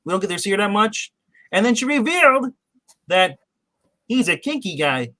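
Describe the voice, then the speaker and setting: Man, podcast co-host, high bright voice, rambling recap with restarts, dry sound. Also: very animated, normal speed, no room sound. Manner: rambling, many restarts and acted-out quotes. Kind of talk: casual TV episode recap chat.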